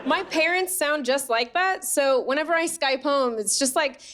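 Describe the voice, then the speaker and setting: An American stand-up comedian from Staten Island, New York, performs a chatty, self-mocking set on a theatre stage as the audience laughs. Her voice is high-pitched and moves at a normal speed, with heavy noise in the background.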